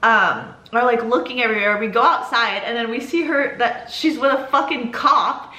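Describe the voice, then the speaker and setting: Woman in her twenties, storytime vlog, animated, casual, swearing, bright high voice, roomy echo. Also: moderate pace. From United States. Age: 20s. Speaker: vlogger.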